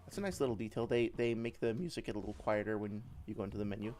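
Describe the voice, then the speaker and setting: Speaking rapid-fire in a lowish, darkish voice, a man chats through a game in relaxed let's-play style. He wanders from topic to topic and curses freely while faint game music plays behind him.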